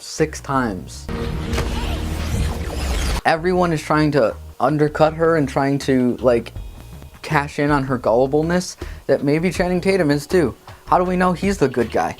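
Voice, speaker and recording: A man hosting a casual movie review vlog from a green-screen studio, talking in a sarcastic, mocking way. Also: mid-range voice. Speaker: film reviewer and show host.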